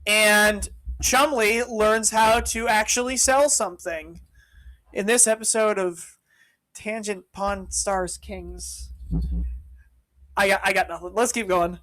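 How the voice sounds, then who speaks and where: A man co-hosting a podcast, chatting casually, excitable and jokey, often cutting in. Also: high-pitched, slow, low-quality recording. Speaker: podcast co-host. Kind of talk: casual chat.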